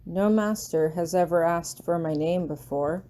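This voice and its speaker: A woman's voice: on the low side, a little slow, warm tone, lightly acted. A woman voicing a stern male magical servant, speaking in a formal, clipped way. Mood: surprised.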